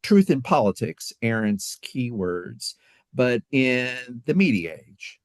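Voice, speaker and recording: A man co-hosting a podcast in casual chat, talking in a halting way with many fillers. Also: mid-range voice, very animated, dry recording. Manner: halting, filler-heavy delivery. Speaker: podcast co-host.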